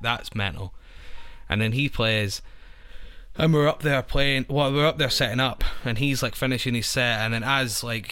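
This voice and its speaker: A man's voice: mid-range voice, pushed and bright, clear, resonant tone. A young Scottish man, a touring musician, chatting casually on a podcast, rambling with lots of "like" fillers. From Scotland. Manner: rambling, full of "like" fillers, self-described anxious.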